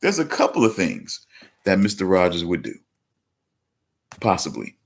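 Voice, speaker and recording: A man's voice: low voice, wildly swooping pitch, moderate pace, gravelly, breathy edge. A man hosting a casual livestream, rambling with many restarts and repeating himself. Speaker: livestream host.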